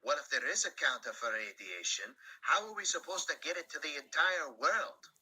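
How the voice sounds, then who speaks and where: A man plays a gruff, hot-tempered Scottish steam engine from a fan storybook. The voice is pushed well above the speaker's own, strained and rough-edged. A steady hiss of noise sits under the home recording. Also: fairly high pitch, moderate pace, pitched above the performer's own voice, rough recording. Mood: agitated. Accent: Scottish, put on.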